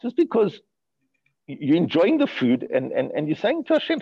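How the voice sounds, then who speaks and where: A man giving a Torah lecture in a lively voice that rises and falls. He sounds gravelly and a little husky, and he keeps asking questions and repeating words. The recording is dull and lo-fi. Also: on the high side, moderate pace. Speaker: rabbi teaching a class.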